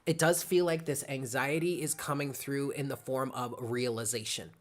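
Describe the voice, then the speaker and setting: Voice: mid-range voice, steady tone, normal speed. A tarot reader giving a live reading to viewers, talking casually, thinking aloud, greeting viewers by name and often checking in with "okay?". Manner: addresses chat viewers by name.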